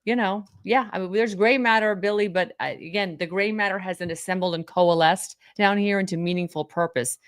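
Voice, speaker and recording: In a casual interview, a podcast guest from Florida animatedly recounts stories, acting out what people said. Her medium-pitched voice moves a little fast, with few pauses. The recording is dry and studio quality.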